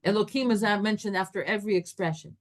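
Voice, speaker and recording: A woman's voice: mid-range voice, quick pace. A woman teaching a Torah class, telling a story and acting out its dialogue with her voice rising and falling.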